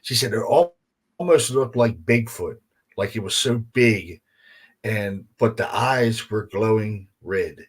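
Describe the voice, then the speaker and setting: A man with a somewhat low voice speaks as a podcast guest. He talks casually and rambles through his story, swearing freely and leaning on "you know" and "man" as he goes. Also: takes it slowly, slightly rough. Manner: rambling, profanity-laced, heavy on fillers like "you know" and "man". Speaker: guest paranormal investigator.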